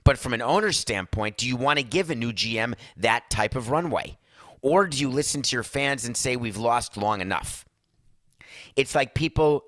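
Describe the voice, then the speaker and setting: A man's voice: medium pitch, a bit bright, dry recording, clean studio sound. A man hosting a sports talk podcast, ranting emphatically with sarcastic asides. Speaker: host.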